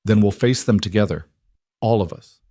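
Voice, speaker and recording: Male narrator as stubborn, caring pioneer woman; firm, gentle, dry. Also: lowish voice, moderate pace, no room sound, close to an everyday voice. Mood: determined.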